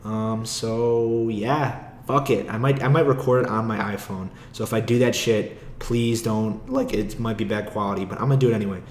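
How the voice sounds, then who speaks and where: A man's voice: lowish voice, steady tone, normal speed, few pauses, darkish tone, reverberant, slight background noise. Rambling, profane young man podcasting. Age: young adult. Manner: rambling, profane, laughs often. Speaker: podcast host. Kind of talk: casual solo podcast monologue. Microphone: own podcast mic.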